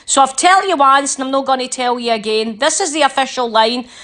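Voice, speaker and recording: A brash Scottish woman leader barking orders at the public, high and sharp, cursing freely and scolding like a fed-up mum, as a woman puts her on. The voice sits well up in the register with a bright, cutting edge. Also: fairly quick. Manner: blunt, sweary, scolding, dialect-heavy.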